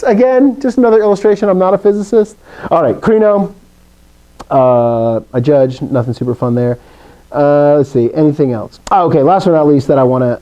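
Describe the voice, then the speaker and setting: Man, greek teacher, live classroom lecture, slightly high voice, mellow tone, lively asides. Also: rough recording. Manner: animated, swinging pitch with playful asides. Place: classroom with students.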